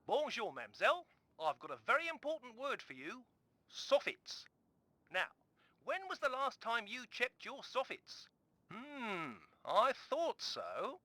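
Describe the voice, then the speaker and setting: A man voicing a pushy male soffit salesman leaving a phone message, with a put-on French accent and a theatrical sales pitch. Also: wildly swooping pitch, a little slow, bright, forceful tone, no room sound, exaggerated voice. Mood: salesy.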